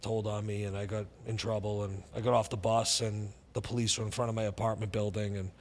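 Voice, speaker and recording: A middle-aged man with a Boston accent, telling stories as a podcast guest in an intense, animated way. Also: lowish voice, big-room sound. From Boston area, USA. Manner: intense, animated, talks in rapid bursts. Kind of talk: casual interview storytelling.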